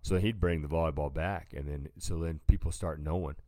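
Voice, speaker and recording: A man's voice: rumbling low, fairly even intonation, fairly quick, dark tone, no room sound. A man co-hosting a podcast, casually telling a rambling story and calling his listener "dude" a lot. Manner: laid-back, rambling, says "dude" a lot. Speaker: podcast co-host.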